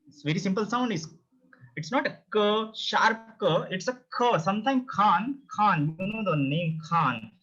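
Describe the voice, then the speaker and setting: A man's voice: high voice, lively intonation, unhurried, sharp tone, soft background music. A man teaching a beginner language lesson, repeating each word several times. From India. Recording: dull, lo-fi sound.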